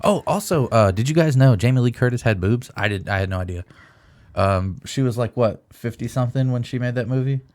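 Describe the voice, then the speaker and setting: A man's voice: medium pitch, brisk, darkish tone, no echo. A young man co-hosting a comedy podcast, telling rambling stories full of swearing. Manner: profane, rambling storyteller. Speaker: podcast co-host. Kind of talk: casual comedy chat.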